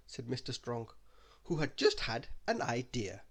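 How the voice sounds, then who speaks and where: A man reading a children's bedtime story aloud in an expressive storytelling manner. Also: medium pitch, measured pace, vocal fry, slight background noise. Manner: expressive, sing-song storytelling.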